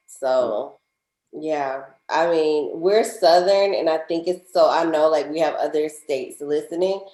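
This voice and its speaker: Southern woman co-host, lowish voice, animated and laughing, roomy echo. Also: a little slow. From Georgia, US. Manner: chatty, laughs often, animated storytelling. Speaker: podcast co-host. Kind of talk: casual chat.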